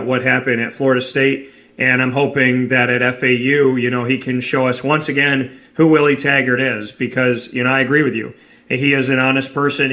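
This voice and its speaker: Bright-voiced, effusive sports radio host. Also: male voice, medium pitch. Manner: effusive, long-winded questions.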